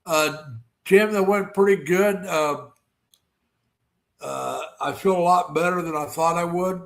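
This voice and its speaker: A man's voice: sits high, measured pace, creaky. A man hosting a casual livestream, rambling and greeting viewers by name with lots of fillers and restarts. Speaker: livestream host.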